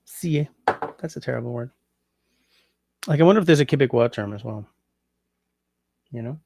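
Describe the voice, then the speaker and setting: A man's voice: medium pitch, animated, moderate pace, gravelly, darkish tone, a little hiss or hum. A man hosting a casual livestream, reading out viewer comments and thinking aloud as he tries out French translations. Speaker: livestream host.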